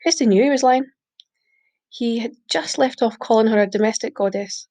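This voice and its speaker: A woman reading a short story aloud, steady, with small slips she corrects. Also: on the high side, normal speed. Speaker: reader. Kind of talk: audiobook reading.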